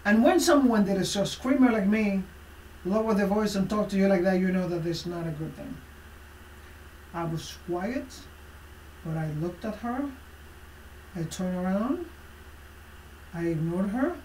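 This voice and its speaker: A woman life coach telling a motivational personal story, emphatic and expressive, with frequent fillers. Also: mid-range voice, unhurried, pauses often, distant mic, a little hiss or hum. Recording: roomy echo from away from the mic.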